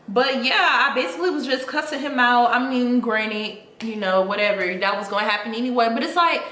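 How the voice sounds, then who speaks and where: Young woman vlogger, fairly high and bright, profane and heated, echoey room. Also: moderate pace. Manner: heated, profane, venting to viewers. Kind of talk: casual storytime rant.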